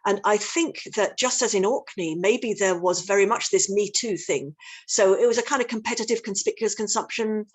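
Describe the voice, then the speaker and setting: A woman's voice: mid-range voice, normal speed. Woman lecturer on a video call, thoughtful, lots of ums and restarts. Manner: thoughtful, hesitant with fillers and restarts. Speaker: guest lecturer. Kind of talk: answering questions in an online talk.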